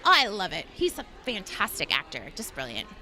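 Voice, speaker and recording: Woman in her thirties, voice actress, convention interview, bubbly, bright, lively. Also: mid-range voice, a little fast, faint music behind. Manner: bubbly and enthusiastic. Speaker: voice actress and guest.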